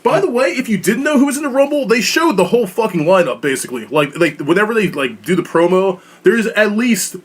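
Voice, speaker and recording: A man co-hosting a casual podcast, excitable and profane, often laughing. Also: sits high, fairly quick, few pauses, slightly rough. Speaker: podcast co-host. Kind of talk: casual chat.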